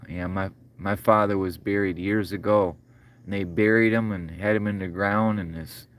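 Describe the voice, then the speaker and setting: Choked-up low-voiced man rambling. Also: fairly even intonation, normal speed. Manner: rambling, folksy, calls viewers brother and sir; choked up, voice breaking. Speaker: livestream host. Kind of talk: casual livestream chat.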